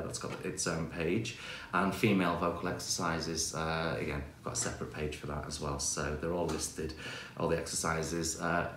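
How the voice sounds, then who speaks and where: A man teaching singing, explaining exercises in a relaxed, chatty way full of fillers, speaking into a microphone in front of him. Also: low voice. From England. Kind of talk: online singing lesson. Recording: echoey room with faint piano.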